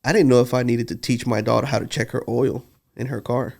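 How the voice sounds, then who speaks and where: Earnest man with a gravelly voice. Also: medium pitch, steady tone, brisk, darkish tone. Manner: earnest, heartfelt storytelling. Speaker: podcast co-host. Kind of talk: casual podcast conversation.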